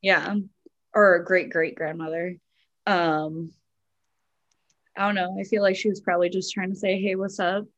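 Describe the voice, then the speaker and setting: Giggly woman with a lower voice. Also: steady tone, a little slow, long pauses, a bit bright, dry recording, highs cut off. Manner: giggly, filler-heavy, lots of "like" and "um". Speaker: podcast co-host. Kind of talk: casual chat, reading a listener story.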